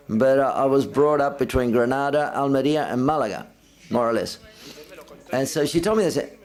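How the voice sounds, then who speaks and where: Male interpreter, press conference, mid-pitched voice, first-person relay, voice lifts on quotes. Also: brisk. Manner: relays speakers in the first person, raising his voice for quoted lines. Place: film festival press conference room.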